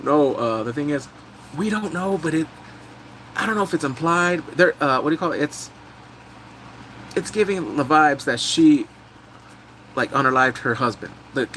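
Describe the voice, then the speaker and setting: A man's voice: mid-range voice, a bit bright, a little hiss or hum, rough recording. A man live-streaming a casual drama recap, chatting loosely, thanking viewers as he goes and breaking into big squealing reactions.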